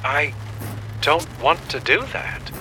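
Man voicing a frightened young woman, bright high voice, anxious, pleading. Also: takes it slowly, a little hiss or hum, heavily acted, rough recording.

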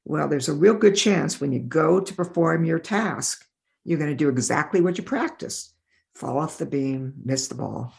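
A middle-aged woman in a podcast interview, telling stories in an animated way and acting out the voices of the people in them. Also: deep voice, normal speed, creaky. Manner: animated, acts out voices in her anecdotes. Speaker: developmental optometrist.

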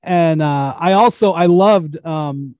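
Animated male podcast host, slightly higher voice. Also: takes it slowly. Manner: animated storyteller, chuckles as he retells anecdotes. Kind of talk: casual basketball chat.

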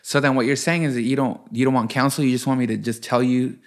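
A man with a gravelly, fry-tinged voice talks with his wife. He speaks haltingly and in a conciliatory way, with many hesitant fillers. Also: medium pitch, steady tone. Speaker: podcast co-host. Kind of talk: candid couple conversation.

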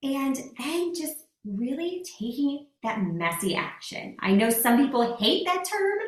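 A woman host talks in an upbeat, emphatic way, her voice high and bouncing with expression. She is recorded in an echoey room, heard from some distance off the mic. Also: very animated, a little slow. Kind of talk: motivational conversation. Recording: roomy echo, voice set back from the mic.

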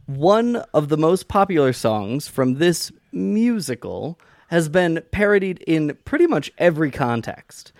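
A man's voice: fairly high pitch, very animated, measured pace, a little mellow, no echo, studio quality. A man co-hosting a podcast, chatty and wry in casual conversation. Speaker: podcast co-host. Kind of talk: casual chat.

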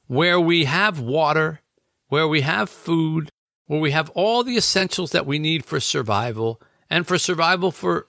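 A man's voice: fairly high pitch, bright, forceful tone, no room sound, clean studio sound. A man talking as an author about his book, in an earnest, reflective conversation that he fills with everyday examples.

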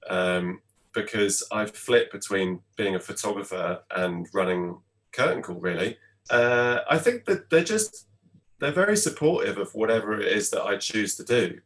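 A man with a very deep voice talks calmly on a panel. He sounds measured and reflective and often hedges with "I guess." He runs a theatre company. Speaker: theatre producer. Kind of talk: casual panel chat.

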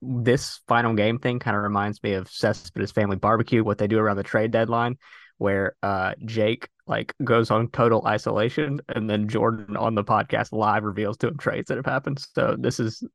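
A male podcast host in casual chat with a deadpan, self-deprecating humor. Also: on the low side, normal speed, creaky, no room sound, studio quality.

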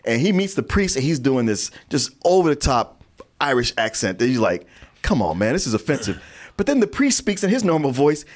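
A man's voice: on the high side, big pitch swings, brisk. A man co-hosting a film podcast, chatting wryly in a casual way. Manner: chatty, wry, laughs while talking. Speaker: podcast co-host. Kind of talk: casual chat.

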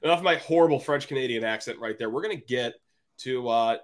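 A man's voice: medium pitch, fast talker. A young man hosting a sports podcast, chatting casually in a jokey, self-deprecating way. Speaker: podcast host.

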